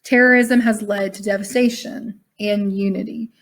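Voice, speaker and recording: A woman's voice: mid-range voice, fairly even intonation, normal speed, vocal fry. A woman teacher, reading a text aloud and explaining it casually to her online class over a video call, sounding tired. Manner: casual, chatty, calls class "y'all".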